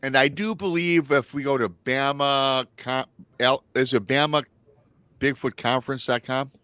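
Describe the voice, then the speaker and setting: A man's voice: medium pitch, steady tone, measured pace, sharp tone, clear, resonant tone, dry recording. A man from Michigan hosting a casual live-stream chat, rambling through stories and reading out chat comments. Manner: rambling storyteller, reads chat aloud. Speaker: host.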